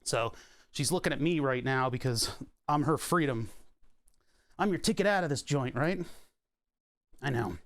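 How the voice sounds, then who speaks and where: A man's voice: lively intonation, moderate pace, pauses often, no room sound, clean studio sound. Man chatting to his puppy on stream. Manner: talks to his puppy in a high sing-song baby voice, laughs often. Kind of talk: casual chat. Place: his workshop, indoors.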